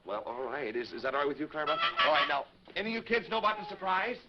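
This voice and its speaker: A man with a high voice hosts a live children's show, coaxing the kids in a friendly way. The sound is dull and lo-fi, with steady hiss from an early 1950s TV recording. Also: very fast. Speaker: children's TV host. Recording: noisy lo-fi 1950s TV broadcast.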